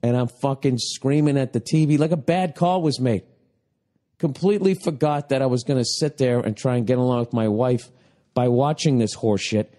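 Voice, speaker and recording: A man in his forties from the United States, a comedian hosting a podcast, ranting with exasperation, swearing heavily and yelling at times. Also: medium pitch, normal speed. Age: 40s. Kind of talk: profane comic rant.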